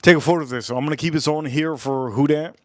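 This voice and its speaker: A jet-lagged man talks loosely to his livestream viewers, repeating himself and cursing casually. His voice sits a little high for a man. The sound is dry and close, with no room echo. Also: quick pace. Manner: loose, repetitive, swearing, calls out to viewers. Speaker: livestream host.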